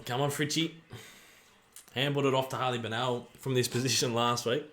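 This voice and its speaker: An excitable man with an Australian accent hosts a livestream, chatting casually while he cheers and groans at the players in a football match. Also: medium pitch, a little fast. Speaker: livestream host. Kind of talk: live watch-along commentary and chat reading.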